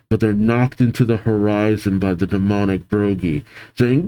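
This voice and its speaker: A man's voice: on the low side, fairly even intonation, moderate pace, mellow, rough recording. A man hosting a manga reaction, reading the panels aloud and reacting with frequent exclamations.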